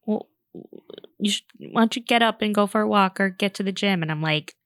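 A woman's voice: medium pitch, fairly quick, fairly bright tone, no room sound. Playful woman co-host, dry sound. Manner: playful, retells arguments with rising intensity. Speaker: podcast co-host. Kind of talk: casual chat.

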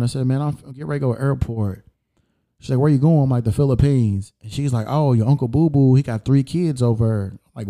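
A man casually telling an airport story, full of profanity and quoted back-and-forth, heated and animated. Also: mid-range voice, fast.

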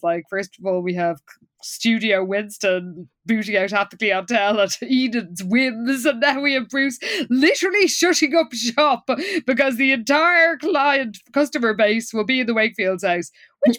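A woman's voice: on the high side, a bit bright. A woman co-hosting a casual recap chat, wryly retelling the plot and quoting lines. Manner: wry, recounts plot with quoted lines. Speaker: podcast co-host.

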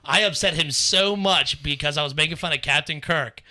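A man's voice: on the high side, normal speed, bright, forceful tone. A young man from Northern Kentucky telling stories in a casual podcast chat, acting out quotes and laughing often. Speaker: podcast co-host.

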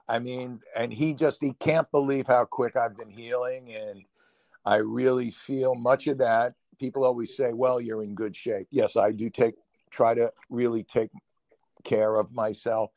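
Gravelly brooklyn guy rambling on a podcast, husky, dry close sound. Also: mid-range voice, a little slow, dry recording. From New York. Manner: animated, rambling, laughs often, voice jumps up when excited. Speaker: podcast co-host. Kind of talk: casual podcast chat.

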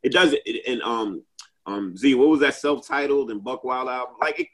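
A man's voice: medium pitch, normal speed, fairly bright tone, poor audio. A man in a casual group chat, talking at length with many fillers and restarts.

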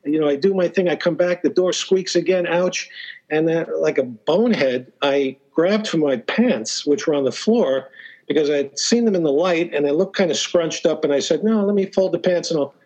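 Here a man's somewhat high, slightly mellow voice moves at a moderate pace over a rough recording. He's a podcast guest spinning casual stories, with frequent hesitations, restarts, fillers and the odd chuckle.

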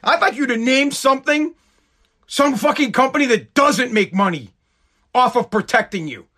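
A man's voice: very high-pitched, animated, normal speed, pushed and bright. A man from the United States ranting sarcastically and profanely on a live stream.

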